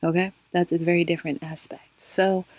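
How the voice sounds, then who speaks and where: A woman's voice: on the low side, brisk, no room sound. A woman hosting her spiritual channel, telling a personal story casually and expressively, calling her listeners y'all. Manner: expressive, addresses listeners as y'all, laughs often.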